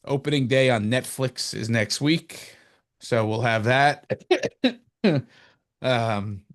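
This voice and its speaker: A man from New Jersey co-hosting a sports podcast, talking casually and fast. He rambles and gets animated, his voice leaping up when he mocks someone. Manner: animated, rambling, jumps up in pitch when mocking. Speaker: podcast co-host.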